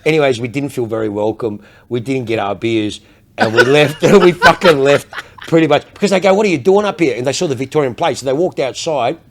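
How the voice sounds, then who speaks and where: An Australian man at a middle pitch, swearing freely and spinning animated stories with a casual podcast feel. He rambles with plenty of energy and repeats himself, going back to tangents and restarting sentences. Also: brisk, slight background noise. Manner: profane, animated storyteller. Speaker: luxury car salesman, podcast guest.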